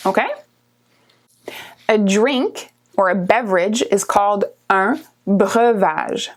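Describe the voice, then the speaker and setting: A woman from Canada, teaching vocabulary and repeating each word clearly with a frequent "okay?". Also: mid-range voice, lively intonation. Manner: slow, clear repetition, checking in with "okay?". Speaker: French teacher. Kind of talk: vocabulary lesson.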